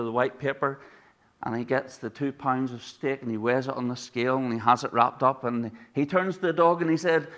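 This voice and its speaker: A preacher from Ireland, with an Irish accent and a medium-pitched, fairly bright voice, gives a conversational sermon. He tells stories and poses rhetorical questions to the congregation.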